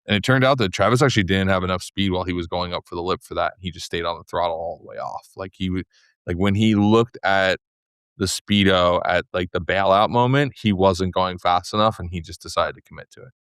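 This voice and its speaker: A man in his forties talks casually as a guest, his voice low and smooth. He tells animated stories, dropping "like" into nearly every phrase. The sound is close and dry. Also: brisk, no room sound. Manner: animated storyteller, heavy "like" fillers. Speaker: guest, filmmaker. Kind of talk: casual interview chat.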